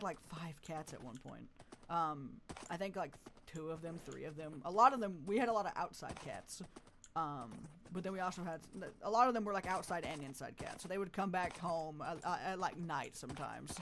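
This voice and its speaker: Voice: medium pitch, slight background noise. A live-streamer chatting casually and rambling, with lots of fillers and frequent laughs. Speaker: livestreamer.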